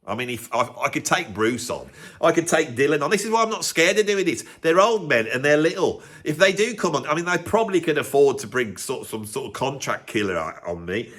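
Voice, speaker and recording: A man's voice: on the high side, sing-song, a little fast, fairly bright tone. A man, a musician hosting his own video channel, ranting in a mock-pompous, self-mocking way. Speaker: YouTube host and professional drummer. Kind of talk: sarcastic comedic rant to camera.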